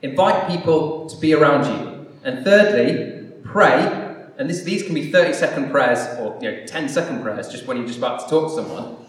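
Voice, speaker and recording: A man's voice: fairly high pitch, expressive, moderate pace. A man preaching to a church congregation, self-deprecating and rambling, then leading prayer. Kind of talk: sermon and closing prayer. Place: church hall. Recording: echoey hall, distant mic.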